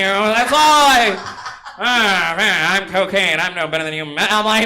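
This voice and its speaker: A man's voice: high voice, lively intonation, normal speed, bright, forceful tone. A man doing a rambling, profane stand-up set on a comedy club stage, often laughing at his own jokes. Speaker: stand-up comic.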